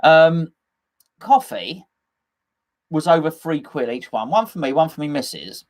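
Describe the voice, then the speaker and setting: A man's voice: on the high side, big pitch swings, unhurried. A middle-aged man hosting a casual live fan chat, rambling and jokey, with lots of fillers and restarts as he reads out comments.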